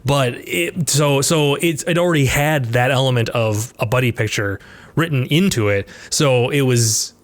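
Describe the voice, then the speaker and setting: A man's voice: medium pitch, normal speed. Rambling man chatting about a movie. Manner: rambling, many restarts and filler words. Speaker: podcast co-host. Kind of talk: casual film discussion.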